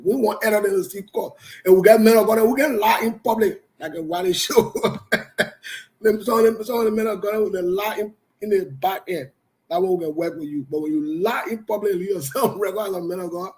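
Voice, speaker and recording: A man's voice: a little high, a little mellow. A man hosting a live call-in talk show, stern and preachy, repeating his warnings and laughing between them.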